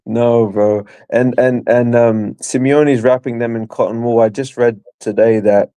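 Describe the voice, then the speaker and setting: A man's voice: mid-range voice, fairly even intonation, a little slow, hardly any pauses, dark tone, smooth, no room sound. A man chatting as a guest on a football call-in stream, sounding incredulous and laughing along. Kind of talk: casual football chat call.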